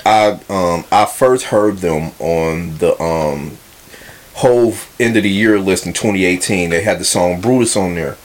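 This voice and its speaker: A man's voice: low voice, a little slow. A man co-hosting a casual hip hop podcast, rambling a little with fillers and restarts. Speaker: podcast co-host.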